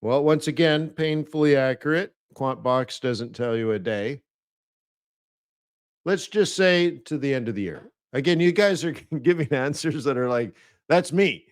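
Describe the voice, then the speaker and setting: A man's voice: medium pitch, measured pace. Playful man hosting a trading webinar. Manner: playful, mimics people in mock voices; chatty, laughs at his own jokes. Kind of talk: live webinar presentation.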